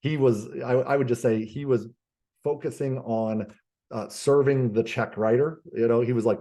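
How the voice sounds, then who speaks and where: A man's voice: mid-range voice, steady tone, normal speed, mellow. A man being interviewed as a business coach, telling stories animatedly with lots of fillers and restarts. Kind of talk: conversational podcast interview.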